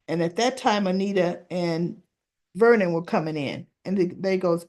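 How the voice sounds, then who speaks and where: Lady recapping her soap, chatty, keeps jumping up high to act out the lines. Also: normal speed. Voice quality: acts out characters' lines in a higher voice, chatty and animated. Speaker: soap opera recap host. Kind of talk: casual chat retelling an episode.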